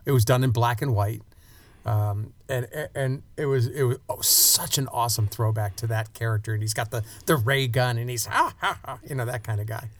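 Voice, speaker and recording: A man's voice: mid-range voice, fairly even intonation, fairly quick, dry recording. A man co-hosting a podcast, recapping an episode with enthusiasm and acting out quotes in casual chat. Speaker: podcast co-host.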